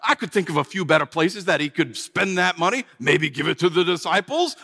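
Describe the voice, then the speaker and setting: Man preaching a dramatic first-person sermon, bright tense voice, big pitch swings, hall echo. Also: brisk, gravelly, hardly any pauses. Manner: animated, exclamatory storytelling.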